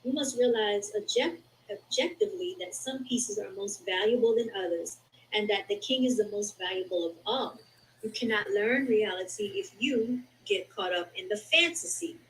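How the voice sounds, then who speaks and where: A woman's voice: medium pitch, expressive, normal speed, a little hiss or hum, rough recording. Chatty woman host reading aloud. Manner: chatty, addresses listeners as y'all. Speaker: podcast host. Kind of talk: casual chat and reading a book aloud. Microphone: video call.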